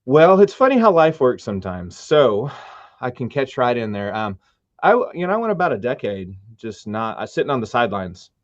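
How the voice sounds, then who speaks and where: A man's voice: medium pitch, moderate pace, dry recording. Earnest middle-aged man telling his story. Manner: earnest storytelling, animated retellings. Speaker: musician guest. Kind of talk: casual interview chat. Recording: dull dry sound.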